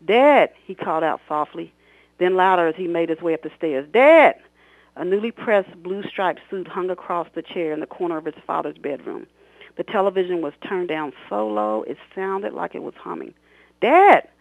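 Over a dry, tinny phone line, a novelist on a radio talk show performs a scene from his book, shouting out his characters' lines before talking it over. His voice is on the high side, a little quick and creaky, with no echo.

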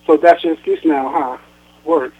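A man's voice: a little high, huge pitch swings, normal speed, slightly rough, exaggerated voice. A man reading the lines of a stern, guilt-tripping aging mother on a phone call, sarcastic and reproachful, over a tinny phone line. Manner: sarcastic, reproachful, then sweet.

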